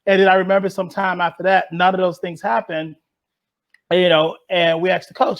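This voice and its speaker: A man from Chicago's West Side tells a personal story as a podcast guest. His voice sits fairly high for a man. He talks with lively energy and acts out what people said. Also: brisk, lo-fi sound. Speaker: guest, rower and author.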